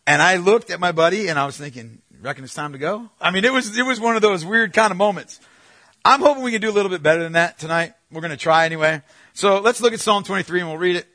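A male pastor delivers a sermon in a loose, conversational way, restarting phrases as he tells stories. His voice is bright and sits a little high for a man. The sound is dry and close. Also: fast talker, no room sound. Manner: conversational, animated storytelling with frequent restarts.

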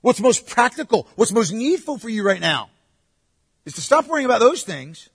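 A man preaching a sermon, emphatic, swinging between loud urging and hushed, quiet asides. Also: extremely high pitch, big pitch swings, moderate pace, husky, clean studio sound. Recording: long hall reverb.

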